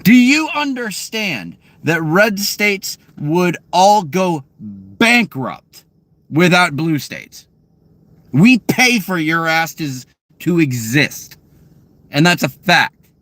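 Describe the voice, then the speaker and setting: In a dry recording, a man speaks extremely slowly with big pitch swings, ranting angrily and profanely from his car as he answers live chat questions. He veers between loud outbursts and low muttering.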